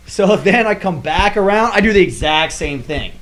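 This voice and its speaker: A man's voice: a little high, lively intonation, fast talker, hardly any pauses, fairly bright tone. A man co-hosting a podcast, telling a story in casual chat and acting out his own reactions. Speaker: podcast co-host.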